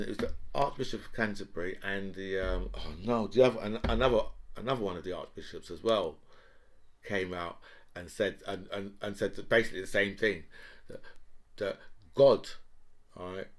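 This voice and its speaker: A man's voice: deep voice, moderate pace. A middle-aged man, ranting sarcastically about politics in casual talk, with mocking laughing asides. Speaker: political commentary host.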